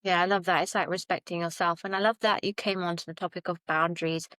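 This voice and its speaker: Soft-spoken woman podcast host. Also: lowish voice, fairly even intonation, fast talker, no room sound. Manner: gentle, affirming, soft-spoken. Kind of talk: supportive interview questions.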